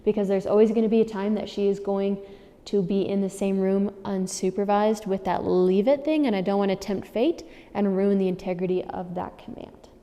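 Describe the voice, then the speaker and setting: A woman's voice: medium pitch, steady tone, moderate pace, warm tone. Firm woman dog trainer in a reverberant room. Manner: firm, repeats key warnings for emphasis. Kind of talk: instructional handover talk.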